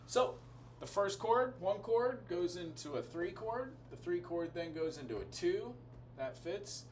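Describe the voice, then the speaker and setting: A man's voice: sits high, sing-song, a little slow, a little hiss or hum. A man giving a casual music lesson, explaining chords and melody as he thinks aloud. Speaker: music teacher. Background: piano music.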